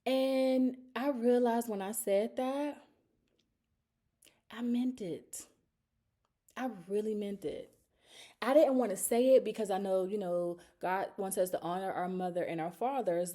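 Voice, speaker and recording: A woman's voice: medium pitch, mellow. Emotional, confessional woman in her thirties. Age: 30s. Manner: emotional, confessional, rambling with many fillers. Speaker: vlogger. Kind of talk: candid personal storytelling vlog.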